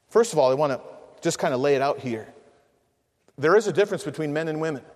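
A middle-aged man preaching a sermon to men, telling humorous family stories in an animated way and acting out the voices of the people in them. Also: sits high. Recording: long reverb of a large hall.

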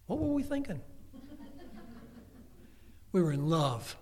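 A man's voice: a little high, slow. An older man preaching a sermon as pastor, telling family stories with humorous asides. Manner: lively storytelling with humorous asides. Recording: long hall reverb.

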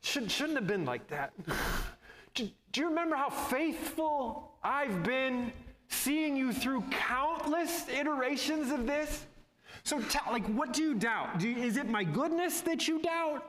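A man's voice: very high-pitched, lively intonation, a little slow, a bit bright, a little hiss or hum, pitched above the performer's own voice, exaggerated voice. A man preaching who voices Christ rebuking his disciples with searching, pleading questions. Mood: gently rebuking.

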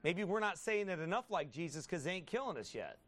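A man preaching a sermon as a pastor. He asks the congregation rhetorical questions, builds into loud emphatic passages and reads scripture in a slow, drawn-out cadence. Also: sits high, very animated.

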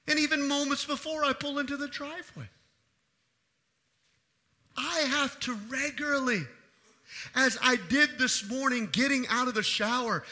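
A married man preaching an evening sermon, pressing his points by repeating them and swinging from hushed to loud. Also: extremely high pitch, steady tone, normal speed, long pauses. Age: adult. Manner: emphatic preaching with repeated phrases. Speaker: pastor.

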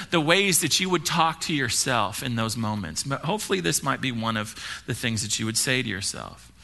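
Bright-voiced fast-talking male pastor. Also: mid-range voice, creaky. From United States. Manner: fast-talking with frequent restarts and repeated words. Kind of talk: sermon. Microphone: live-streamed church service.

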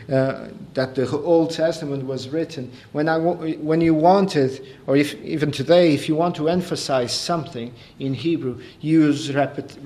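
A man preaching a sermon, explaining calmly and then building to raised, emphatic delivery. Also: a little high.

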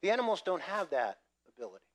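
A man preaching a sermon, lively and conversational, swinging between loud emphasis and quiet asides. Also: high-pitched, quick pace. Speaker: pastor.

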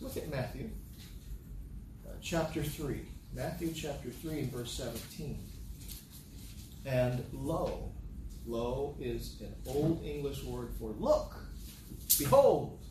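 Unhurried and lively in intonation, a medium-pitched pastor teaches the Bible, reading passages aloud and repeating key phrases for emphasis. Background noise accompanies the distant camera audio, recorded in an echoey hall.

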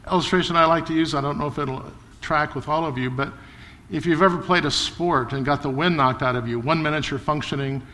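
A man preaching a sermon in earnest, slowing down and lifting his voice when he reads scripture. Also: mid-range voice, bright, forceful tone, in a large hall. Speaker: pastor.

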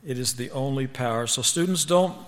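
A man's voice: medium pitch, a little fast. A man preaching a sermon to students, emphatic and firing rhetorical questions at the audience. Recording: long reverb of a large hall.

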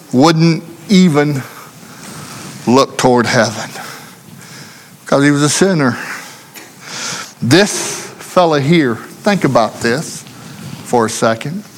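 A man's voice: medium pitch, takes it slowly, long pauses, a little hiss or hum. A male preacher giving a sermon in earnest, repetitive rhetorical questions, speaking in a church. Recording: long hall reverb.

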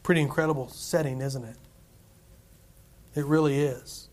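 A man preaching a sermon, reading scripture aloud and chuckling between points, with animated delivery. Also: mid-range voice, normal speed. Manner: animated preaching, chuckles, quotes scripture in King James English. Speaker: pastor.

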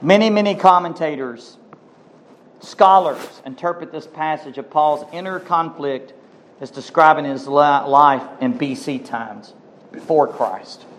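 A man preaching a sermon, reading scripture aloud and commenting on it in an emphatic, animated way. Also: fairly high pitch, a little slow. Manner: animated, emphatic, addresses congregation as folks. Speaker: pastor.

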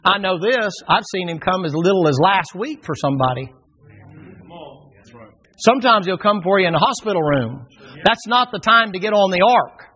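A man's voice: high voice, lively intonation, moderate pace, sharp tone. A middle-aged man, preaching a sermon in a folksy, emphatic way and repeating phrases for force. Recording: dull lo-fi sound.

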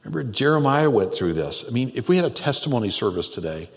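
A man pastor preaching a conversational, animated sermon in a church, with frequent laughs. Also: medium pitch, fast, vocal fry. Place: church sanctuary. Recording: long reverb in a church hall.

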